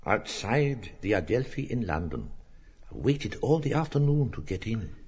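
An actor voicing an old grieving father who speaks slowly and solemnly. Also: lowish voice, sing-song, a little mellow, slightly rough, exaggerated voice. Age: older. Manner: slow, solemn, reverent. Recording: dull recording with long reverb.

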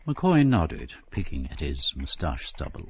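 A man narrating a scripted drama in a calm, measured way. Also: very deep voice, a little hiss or hum. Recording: dull lo-fi radio drama recording.

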